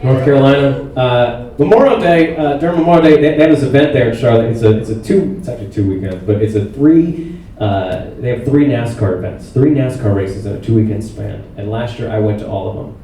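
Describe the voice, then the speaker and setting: Young male stand-up comic, deadpan and self-mocking; roomy, distant hall sound. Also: mid-range voice, brisk, slight background noise. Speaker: stand-up comedian. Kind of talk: stand-up set. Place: theatre stage with live audience.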